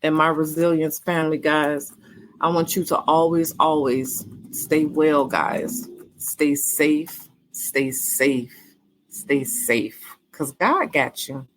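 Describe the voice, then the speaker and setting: A woman. She talks casually and warmly, repeating her thanks and encouragement, with lots of "um"s. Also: sits low, steady tone, takes it slowly, slight background noise. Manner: warm, repetitive, faith-filled encouragement with many fillers. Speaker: podcast host. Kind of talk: casual podcast sign-off.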